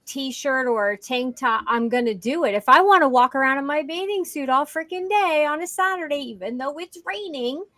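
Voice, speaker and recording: A woman's voice: high voice, moderate pace, few pauses, sharp tone, no room sound, studio quality. A woman co-hosting a podcast in casual chat, blunt and playful, with mild swearing. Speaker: podcast co-host.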